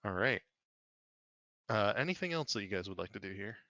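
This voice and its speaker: A man narrating a tabletop game as game master, halting with many fillers. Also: fairly low pitch, expressive, pushed and bright, no room sound, muffled recording.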